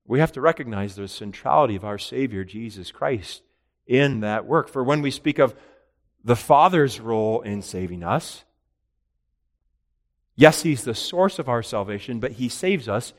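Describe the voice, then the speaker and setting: Male preacher, mid pitch, expository sermon; swings between emphatic and hushed delivery. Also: lively intonation, moderate pace. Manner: rises to emphatic peaks and drops to quiet; reads scripture in old-style wording, then explains.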